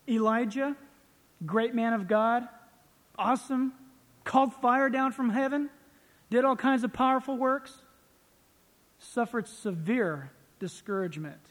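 A man preaching a sermon as pastor, animated and acting out little scenes. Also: extremely high pitch, normal speed, long reverb tail.

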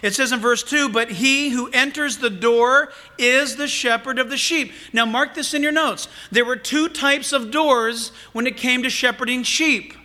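Animated high-voiced male pastor preaching. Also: unhurried, few pauses. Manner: animated, humorous preaching with asides. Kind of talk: sermon.

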